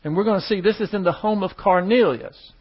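A man's voice: high-pitched, a little fast, slightly rough, lo-fi sound. A man preaching a sermon. He reads verses aloud and explains them in plain, conversational asides.

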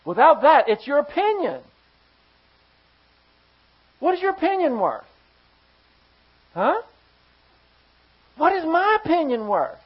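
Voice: sits high, big pitch swings, takes it slowly, pauses often. A pastor giving a sermon to a congregation, emphatic and firing rhetorical questions at the listeners. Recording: slightly dull lo-fi sound.

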